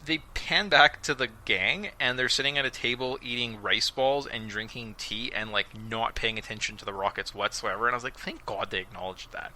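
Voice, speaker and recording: A male podcast host recaps episodes in a casual, sarcastic way, slipping into mocking voices. His tone is very bright and edgy. A faint hiss sits under the recording. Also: medium pitch, a little fast, few pauses, low-quality recording. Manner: sarcastic, animated storytelling with mocking quoted voices.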